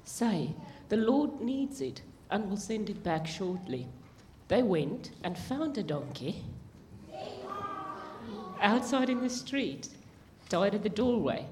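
A woman reading a Bible passage aloud in church, plain and steady, with small slips. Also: mid-range voice, slow pace, background noise. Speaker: scripture reader.

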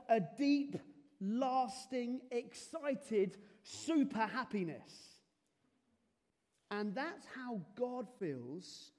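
Guy doing a kids' sermon, high, slow voice, swoopy and playful, long echo in the church hall. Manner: animated, playful, talks to children. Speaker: preacher giving a children's talk. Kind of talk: lively children's sermon. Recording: long reverb of a large hall.

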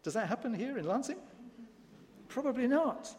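A man, a pastor from the United Kingdom, preaching a sermon in a church, animated and emphatic with wry asides. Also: very high voice, moderate pace, long reverb tail, a little hiss or hum.

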